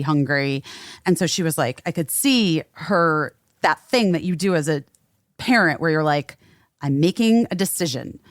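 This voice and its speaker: A woman telling stories in casual chat, animated and swearing easily, acting out what people said. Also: deep voice, no room sound, clean studio sound.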